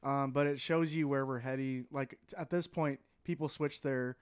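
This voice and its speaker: A man talking on a podcast in a relaxed, joking way. His voice is smooth and resonant. He likes to act out little quotes mid-sentence. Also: mid-range voice, moderate pace. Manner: loose, joking, acts out quotes. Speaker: podcast co-host. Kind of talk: casual podcast chat.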